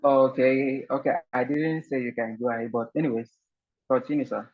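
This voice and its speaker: A man's voice: medium pitch, steady tone, normal speed, phone-quality sound. A man hosting an online team game over a video call, polite and full of fillers and repeated words. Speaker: online session host.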